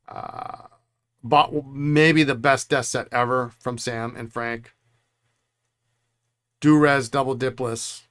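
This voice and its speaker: A middle-aged man hosts a pen repair stream, chatting casually as he works, rambling through stories and chuckling often. His mid-range voice has a fairly bright, smooth tone.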